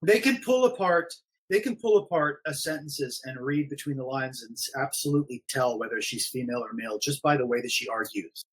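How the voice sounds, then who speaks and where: A man's voice: mid-range voice, a little fast, hardly any pauses, slightly rough. A man talking casually on a live stream, rambling and repeating himself with many fillers. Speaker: forum admin guest.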